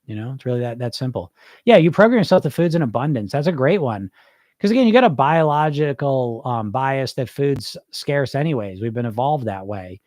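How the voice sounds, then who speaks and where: A man's voice: mid-range voice, expressive, a little fast, a little mellow, no echo, studio quality. A middle-aged man who coaches weight loss, talking informally and bluntly on a podcast, asking his listeners rhetorical questions. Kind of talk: live podcast talk answering listeners.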